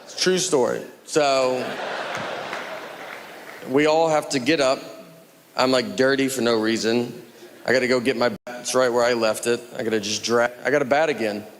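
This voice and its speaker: Middle-aged guy doing stand-up, deadpan rambling stories, noisy live room with the crowd laughing. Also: medium pitch, normal speed, pauses often. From Tennessee, USA. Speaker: stand-up comedian. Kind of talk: stand-up comedy set. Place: comedy stage with live audience. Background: audience laughter.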